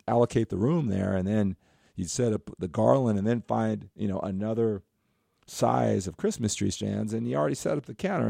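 A man in his fifties with a very gravelly, somewhat low voice tells a casual story on his podcast. His tone is dark and husky. He rambles and corrects himself as he goes, often checking in with a quick "right?". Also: no room sound, studio quality. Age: 50s. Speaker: podcast host and coach.

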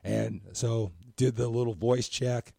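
A hoarse, scratchy-voiced man hosting a motivational podcast, talking earnestly in a rambling way and often asking "right?". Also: medium pitch, steady tone, takes it slowly, warm tone, no room sound, clean studio sound. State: hoarse from talking too much. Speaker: podcast host and coach.

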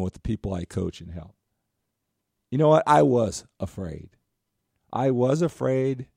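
Gravelly low-voiced man in his fifties. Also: darkish tone, dry recording, studio quality. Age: 50s. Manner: rambling, self-correcting, often asks "right?". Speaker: podcast host and coach. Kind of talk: casual storytelling monologue.

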